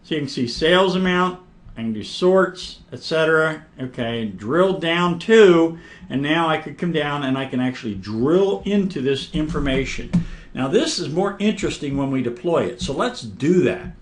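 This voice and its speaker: Male instructor, slightly high voice, casual walkthrough of a software screen, clears throat often. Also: expressive, moderate pace. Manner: casual, talks through each click, frequent throat clearing. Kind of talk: screen-recorded software demonstration.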